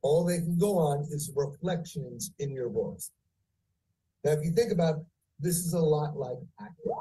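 A man teaching phone sales, speaking deliberately and varying pitch and pace for effect. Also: expressive, mellow, far from the mic, poor audio. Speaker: sales trainer. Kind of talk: training lecture.

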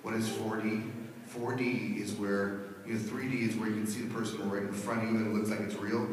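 A man performing as a stage hypnotist, theatrical and swinging between hushed soothing and wild excited shouting. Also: fairly low pitch, brisk. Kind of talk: hypnosis stage show patter. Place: large school auditorium. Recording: echoey hall from far off, noisy.

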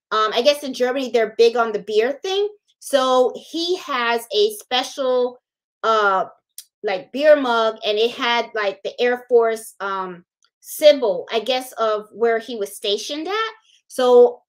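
A woman from Puerto Rico hosting a casual crafting livestream, chatting, thinking aloud and greeting viewers by name. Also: fairly high pitch. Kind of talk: casual live-stream chat.

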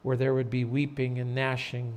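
A man pastor preaching an earnest sermon in a church, turning loud and dramatic when telling a story. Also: medium pitch, little pitch movement, moderate pace, a little hiss or hum. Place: church sanctuary.

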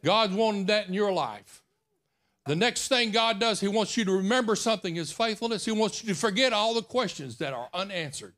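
A man's voice: high-pitched, animated, brisk, a bit bright. A man preaching a sermon, telling a personal story in a folksy, intimate way. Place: church.

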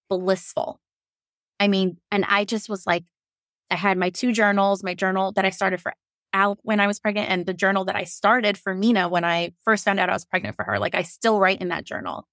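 A woman in her thirties telling her own story in a casual, animated way, quoting herself and others and laughing often. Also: mid-range voice, moderate pace, dry recording, studio quality. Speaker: podcast guest telling her birth story.

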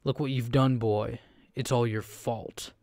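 A man narrating a story and putting on a grieving, furious old man in his seventies who shouts and sobs. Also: mid-range voice, steady tone, a little slow, dry recording, clean studio sound, lightly acted. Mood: bitter. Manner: shouting, sobbing accusations.

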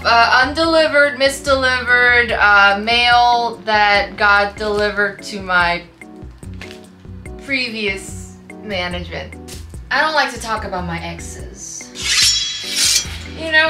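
Playful young woman vlogging in echoey room. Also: a little high. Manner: playful, bursts of squeals and giggles. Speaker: YouTuber. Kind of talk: casual vlog unboxing.

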